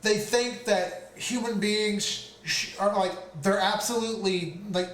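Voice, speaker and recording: High-voiced man rambling with stammers. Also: fairly even intonation, unhurried, a bit bright. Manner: rambling, stammering, casual swearing. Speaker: podcast co-host. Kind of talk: casual chat. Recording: roomy, distant mic, faint noise.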